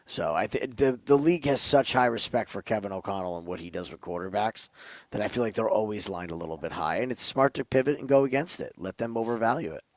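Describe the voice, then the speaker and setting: A man's voice: fairly low pitch, fast, dry recording. Emphatic man talking betting picks, dry sound. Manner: emphatic, opinionated, playful asides. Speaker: sports betting podcast co-host. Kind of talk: casual sports betting chat.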